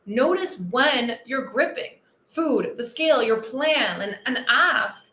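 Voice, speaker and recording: Bright, eager woman coach in an echoey room. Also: on the high side, animated, a little slow. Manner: enthusiastic and earnest, repeats key phrases. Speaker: weight-loss and life coach, podcast host. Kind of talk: motivational podcast monologue.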